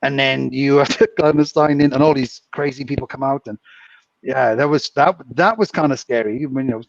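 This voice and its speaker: A man's voice: medium pitch, a little fast, gravelly, dry recording. Give me a British man co-hosting, chatty and laughing, on a dry, dull-sounding mic. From Britain. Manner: rambling, laughing anecdotes. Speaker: co-host. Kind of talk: casual storytelling chat. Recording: distant muffled mic.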